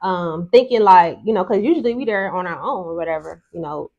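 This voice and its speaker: A woman co-hosting, retelling events in animated, emphatic casual chat. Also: on the low side, brisk, creaky. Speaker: co-host. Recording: slightly dull lo-fi sound.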